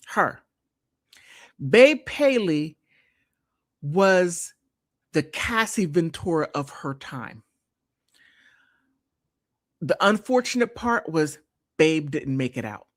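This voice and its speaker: A woman hosting a live stream, reading aloud and commenting on what she reads. She speaks slowly and with a lively, swooping pitch, and her voice sits a little low for a woman. She keeps exclaiming and restarting her sentences. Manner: animated, exclaims and restarts often. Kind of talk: casual commentary, reading from an article.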